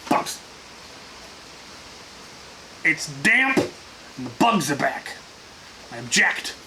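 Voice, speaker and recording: In a workshop, a man hosts a casual viewer Q&A, answering in a dry, offhand way full of restarts and fillers. His voice is on the high side and very animated, yet very slow with long pauses, and there is faint hiss on the recording.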